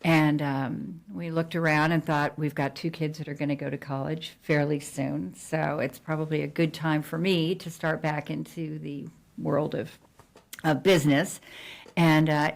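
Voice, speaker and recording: A woman's voice: low-pitched, little pitch movement, moderate pace, creaky. A middle-aged woman from New Jersey, a real estate agent chatting casually in an interview, with frequent fillers and restarts.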